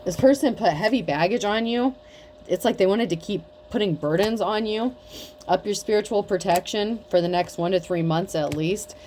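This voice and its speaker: A woman's voice: medium pitch, moderate pace, a little mellow, slight background noise. A woman giving a casual tarot reading, talking bluntly with lots of swearing and mockery. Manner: blunt, profane, mocking. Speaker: tarot reader.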